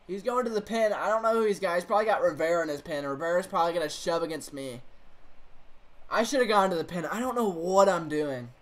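A young man with a high-pitched voice and a quick pace streams a baseball video game. Excitable, he comments casually on his play, talks to the game and his chat, and lets out frustrated outbursts.

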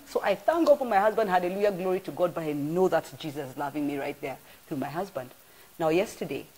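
A middle-aged woman, preaching an informal live-streamed sermon as an animated storyteller full of exclamations. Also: on the low side. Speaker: church apostle.

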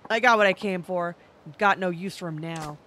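A woman's voice: lowish voice, normal speed, bright, forceful tone, slight background noise. A woman doing a brash, scornful female brawler. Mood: mocking. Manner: scornful, swaggering. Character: tough brash woman fighter, mocking and blunt. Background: game music.

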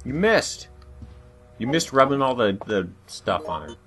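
A man's voice: mid-range voice, big pitch swings, unhurried, fairly bright tone. A young man co-hosting a let's play, teasing his partner and explaining the game mechanics in casual commentary. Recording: game music behind.

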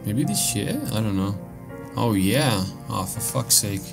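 A man's voice: lowish voice, expressive, unhurried, creaky, over music. A man commentating his own playthrough of a horror game, swearing a lot and reacting with startled outbursts. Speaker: gameplay commentator. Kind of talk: let's play commentary.

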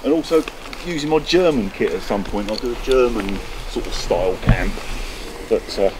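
Fellow camper, man, mid pitch, rambling and umming, clear background noise outdoors. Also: expressive, normal speed. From United Kingdom. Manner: hesitant, rambling, with fillers. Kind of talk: casual chat. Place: rainy woodland outdoors.

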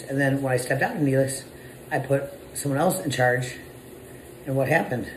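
A man's voice: mid-range voice, echoey room, slight background noise, poor audio. A man, a business owner, giving a blunt, casual motivational monologue full of swearing. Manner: blunt, profane, conversational.

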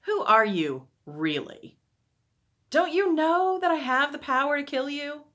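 A woman's voice: medium pitch, big pitch swings, normal speed. A woman reading a worried Roman governor. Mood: insistent. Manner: questioning, then loud and insistent. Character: worried Roman governor, adult man, powerful but fearful.

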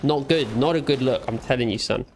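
A man's voice: mid-range voice, fairly quick, a little mellow, a little hiss or hum. A young man giving playful let's play commentary, teasing and talking back to the game's characters. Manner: jokey, teasing, talks back to game characters. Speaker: gamer.

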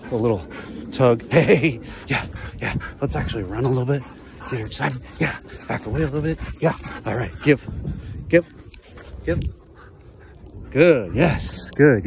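A man from Oregon filming himself training his dog outdoors on a handheld phone, talking quietly to the camera and calling out high and excited to the dog. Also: noisy background. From Oregon, USA. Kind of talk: casual vlog narration. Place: outdoors, playing fetch with a dog.

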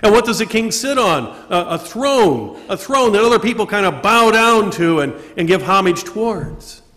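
A man preaching a sermon with a high voice for a man, asking questions and answering them himself. He slows down to stress key words. The sound carries the long reverb of a large church. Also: lively intonation, fairly bright tone. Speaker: priest. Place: church during Mass.

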